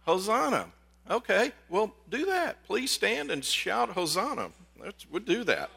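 A pastor preaching a lively, conversational sermon to his congregation, calling them folks. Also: high voice, a little slow, gravelly, slightly rough. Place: church sanctuary.

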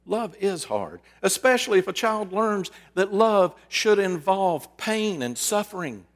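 A man preaching a sermon, with dramatic pauses and rhetorical questions that he then answers himself. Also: high-pitched, in a large hall. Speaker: pastor.

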